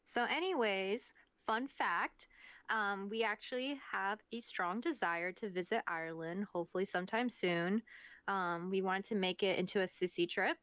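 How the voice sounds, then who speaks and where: A woman co-hosting a podcast, speaking in a relaxed way with many fillers. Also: mid-range voice, normal speed, dry recording. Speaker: podcast co-host. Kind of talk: casual chat.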